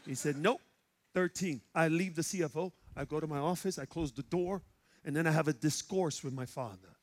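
A male pastor from Chicago with a Chicago accent, preaching and telling stories, going from loud shouts to hushed quiet. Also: a little high, brisk. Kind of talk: sermon. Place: church sanctuary.

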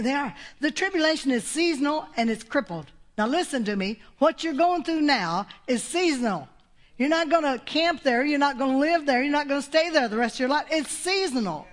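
A woman's voice: a little high, lively intonation, brisk. An older woman preaching a sermon, folksy and exclamatory, with laughs between her points.

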